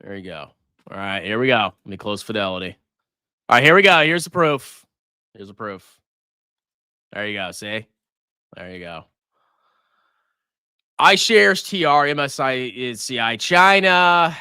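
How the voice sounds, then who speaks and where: A man hosting a casual personal finance livestream, talking in a sarcastic, mocking, excitable way. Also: mid-range voice, unhurried, long pauses, clean tone, dry recording, studio quality.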